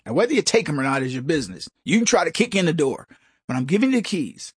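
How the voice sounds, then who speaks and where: Emphatic high-voiced husky American man. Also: very animated, quick pace, no echo, studio quality. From United States. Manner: emphatic, stumbling restarts, mocking voices for others. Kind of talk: opinionated monologue.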